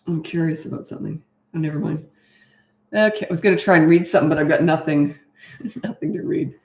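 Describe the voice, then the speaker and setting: A woman's voice: low-pitched, fairly quick, darkish tone, slight background noise. A frank, chatty middle-aged woman answering parenting questions in a casual live stream. She laughs often and speaks into a webcam. The room sounds echoey. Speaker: parenting coach.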